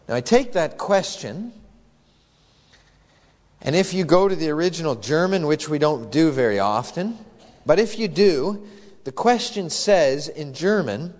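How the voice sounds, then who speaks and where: A man's voice: on the high side, expressive, unhurried, in a large hall. A male pastor preaching an earnest, emphatic sermon that is full of rhetorical questions.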